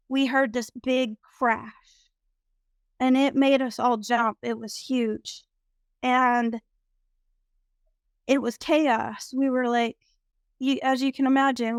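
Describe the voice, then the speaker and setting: A woman recounting a personal spiritual experience in a reflective, storytelling way, pausing often with "um". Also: high-pitched, clean tone, dry recording. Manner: slow, reflective, with frequent "um" pauses. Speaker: guest sharing a spiritual experience.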